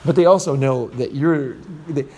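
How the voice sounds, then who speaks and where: Male podcast host, blunt rambling delivery, warm dark timbre. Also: medium pitch, moderate pace. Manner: blunt, rambling, with restarts and swearing. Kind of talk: casual podcast chat.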